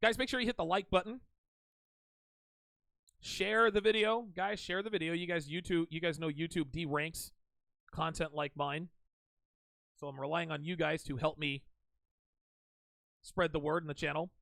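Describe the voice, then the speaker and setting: A man's voice: fairly high pitch, steady tone, moderate pace, gravelly, pauses often, fairly bright tone, no room sound. A man hosting a reaction commentary show, talking back at a clip in a mocking tone.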